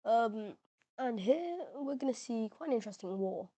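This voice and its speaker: A woman's slightly high, mellow voice moves at a moderate pace with an animated energy as she narrates a mapping video. She keeps the map game commentary casual and slangy, leaning on fillers, with the odd crack in her voice.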